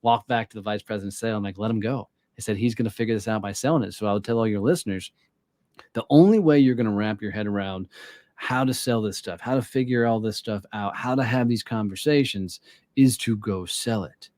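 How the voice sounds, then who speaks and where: A man's voice: fairly low pitch, fairly quick, darkish tone, dry recording. A man, a guest sales trainer on a podcast, telling blunt stories and swearing freely in casual conversation.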